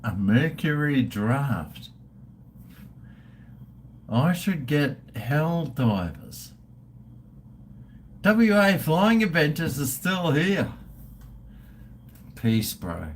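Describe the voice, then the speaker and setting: Slow-talking crude Australian man in his fifties. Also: on the high side, sing-song, a little hiss or hum. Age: 50s. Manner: crude, joking, swearing; drinking and toasting viewers. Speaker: livestream host. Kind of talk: casual live-stream chat.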